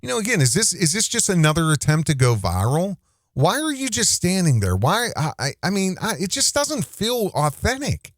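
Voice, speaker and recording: A man's voice: high voice, huge pitch swings, normal speed, no echo. Guy ranting over a clip, stops and restarts a lot, dry close mic. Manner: rambling, indignant, with frequent restarts. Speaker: commentary host. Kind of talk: casual reaction commentary.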